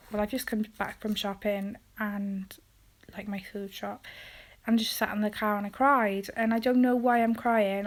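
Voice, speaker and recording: A woman speaks hesitantly in a personal confessional vlog, with many pauses and ums, often trailing off quietly. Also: mid-range voice. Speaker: vlogger.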